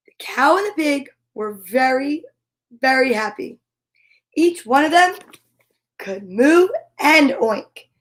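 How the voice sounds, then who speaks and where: A woman reads a children's picture book aloud, slow and unhurried. Her voice sits high, and she plays the story out with animal noises. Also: expressive.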